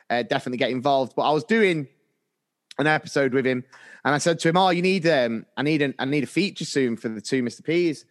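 A man co-hosting a casual teachers' podcast, telling stories and laughing often. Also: medium pitch. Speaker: podcast co-host, primary school teacher. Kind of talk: casual chat.

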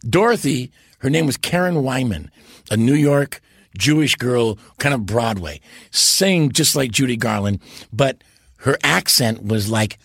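Husky man telling wild stories. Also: mid-range voice, lively intonation, unhurried, dry recording. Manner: launches into impressions and laughs loudly. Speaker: interview guest. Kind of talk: animated storytelling.

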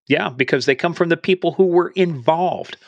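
A man's voice: on the high side, moderate pace, vocal fry, dry recording, highs cut off. Male podcast host, jokey and upbeat, close dry mic. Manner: playful, jokey, drops in Spanish phrases. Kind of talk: casual podcast chat.

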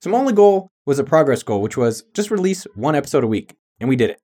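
Man podcast host, fast, lively pitch, hyped, jokey, swears casually.

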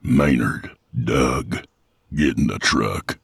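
A man's voice: a bass voice, no room sound, pitched below the performer's own voice, exaggerated voice. A man voicing a menacing old hillbilly villain in an audiobook, with a growling, drawling delivery. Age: older. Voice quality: growling, gravelly. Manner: slow, drawling menace with evil laughs.

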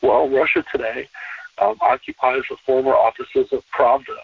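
Man, American, husky, rambling, emphatic, tinny phone line, distant. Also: medium pitch, normal speed, no room sound. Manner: rambling, repeats words, emphatic. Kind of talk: casual conversation.

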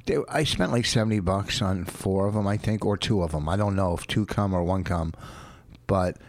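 A man's voice: deep voice, no echo. Rambling man with dry close sound. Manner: rambling, halting, many fillers, swears casually; defensive, earnest. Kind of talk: casual chat.

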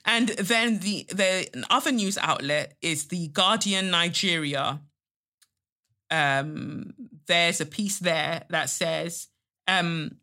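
A woman's voice: fairly low pitch, slow, pushed and bright. Blunt, swearing woman podcast host. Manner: blunt, scornful, swears freely. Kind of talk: solo podcast commentary.

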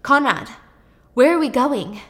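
A woman's voice: sits high, expressive, unhurried, fairly bright tone, big-room sound, voice pushed up. A woman doing a stressed, exasperated older brother. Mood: urgent. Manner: urgent, exasperated, pleading. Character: stressed wealthy man, older brother, controlling.

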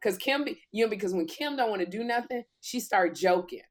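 Animated, breathless middle-aged woman host. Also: mid-range voice, fairly quick. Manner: animated storyteller, acts out quoted voices. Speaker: talk show host. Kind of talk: casual chat.

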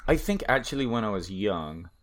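Low-voiced easygoing man on a podcast. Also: big pitch swings, moderate pace. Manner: easygoing, enthusiastic storyteller. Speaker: podcast co-host. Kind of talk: casual podcast chat.

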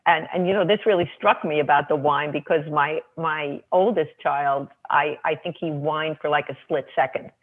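A woman's voice: low-pitched, steady tone, normal speed, hardly any pauses, breathy edge. A woman guest author telling parenting anecdotes in casual chat, full of "you know" and small restarts. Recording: tinny phone line.

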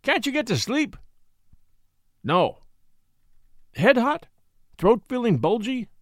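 A man voicing a brisk, concerned doctor who fires off short probing questions. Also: very high voice, sing-song, dry recording, studio quality, voice pushed up, full character voice.

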